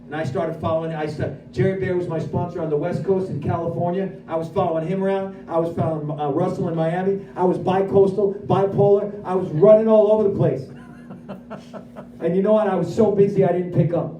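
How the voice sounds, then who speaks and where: A man giving a lively personal recovery testimony at a speaker meeting, acting out his own dialogue as he goes. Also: sits high, brisk, a little hiss or hum. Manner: animated storyteller who acts out his own dialogue. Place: meeting room at a recovery center. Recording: echoey room, voice from far off.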